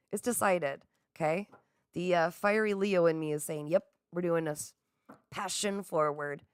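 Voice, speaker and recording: A middle-aged woman with a lowish, clear and resonant voice hosts a livestream, chatting casually with viewers. She excitedly reads their comments aloud, laughs often and speaks straight to them, recorded dry with clean studio sound.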